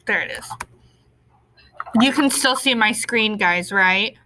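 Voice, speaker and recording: A woman's voice: mid-range voice, takes it slowly, pushed and bright, a little hiss or hum, rough recording. A woman teacher talking casually to her class on a video call, thinking aloud as she looks for a clip.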